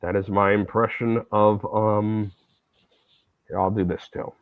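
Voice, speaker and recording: A relaxed male streamer chats casually in a lowish voice while playing. His audio is thin and phone-like, dry with no room sound. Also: unhurried, no room sound. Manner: relaxed, chatty, self-deprecating. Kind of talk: casual livestream chat while gaming.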